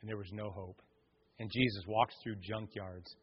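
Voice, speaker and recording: A man preaching a sermon, telling stories with lively acted voices and loud shouts. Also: lowish voice, moderate pace, breathy edge. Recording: echoey hall, dull lo-fi sound.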